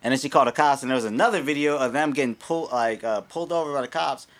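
A man's voice: mid-range voice, rapid-fire. A man co-hosting a casual podcast, talking loosely and profanely with lots of restarts and fillers. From United States. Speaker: podcast co-host. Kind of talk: casual chat.

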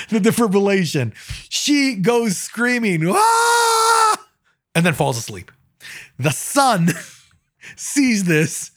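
Male paramedic, lively raconteur, voice sits a touch high. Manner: animated storyteller, acts out quotes. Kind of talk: casual anecdote telling.

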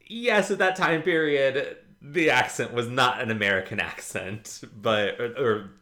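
A man co-hosting a podcast, chatting casually about a TV episode, jokey and quick to laugh. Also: mid-range voice. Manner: laughs often, jokey and animated. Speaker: podcast co-host. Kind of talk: casual chat recapping a TV episode.

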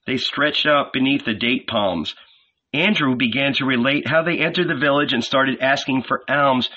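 A man narrating an audiobook in a measured, expressive reading. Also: mid-range voice. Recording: lo-fi dull audio.

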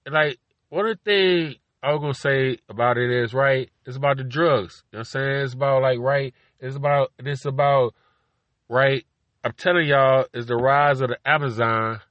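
A man's voice: mid-range voice, moderate pace, dry recording, dull audio. A man hosting a podcast from his car, rambling casually and profanely, constantly asking "you know what I'm saying". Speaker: podcast host.

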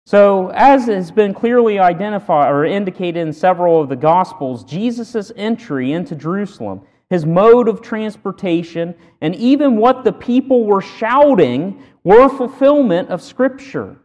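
A man preaching a sermon with earnest emphasis, punching key words loudly between pauses. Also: high voice, animated, big-room sound. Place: church sanctuary.

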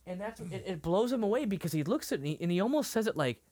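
A man's voice: high-pitched, fast talker, few pauses, no echo. A man co-hosting a podcast, retelling a TV episode with feeling, full of fillers and restarts. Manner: emotional, animated retelling with many fillers and restarts. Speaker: podcast co-host. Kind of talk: casual discussion of a TV episode.

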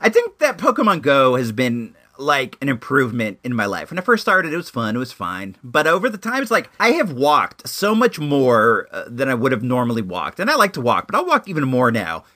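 Animated rambling young man. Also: mid-range voice, fairly quick, hardly any pauses. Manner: animated, rambling, lots of fillers and restarts. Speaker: vlogger. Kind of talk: casual storytelling monologue.

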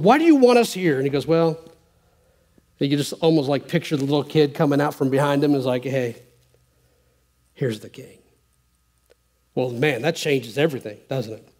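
A pastor preaching a sermon, reading scripture aloud and commenting on it with animated emphasis. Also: male voice, on the high side.

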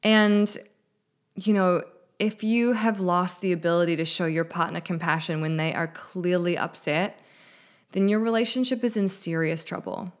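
A woman with a slightly low voice hosts her own podcast in a casual solo talk. She speaks candidly and with feeling, dropping the odd swear word, and records into a studio microphone through a mixer. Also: steady tone, moderate pace. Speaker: podcast host.

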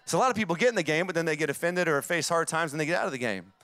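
A man's voice: fairly high pitch, rapid-fire, fairly bright tone, no room sound. A man in his forties with a Southern accent, preaching a sermon with emphatic, repeated phrases that build up. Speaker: pastor.

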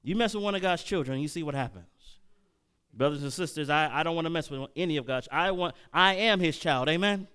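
A man preaching at a Bible study, reading scripture slowly and then speeding up with questions to the congregation. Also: fairly high pitch, pushed and bright, clear, resonant tone. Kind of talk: sermon-style Bible teaching.

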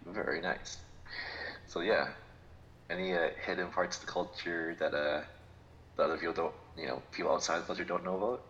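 A man co-hosting a podcast in casual chat, relaxed and jokey, often agreeing with his co-host. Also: low voice, brisk, muffled recording, a little hiss or hum.

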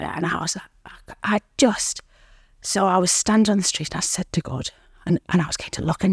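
A woman guest in an interview, telling her recovery story in an earnest, reflective way with pauses. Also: low-pitched, fairly even intonation, breathy edge, dry recording, studio quality. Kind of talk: candid interview talk.

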